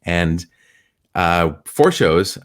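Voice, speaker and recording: A middle-aged man, a stage illusionist, telling animated anecdotes in a podcast interview and acting out the people he quotes. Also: low-pitched, extremely slow.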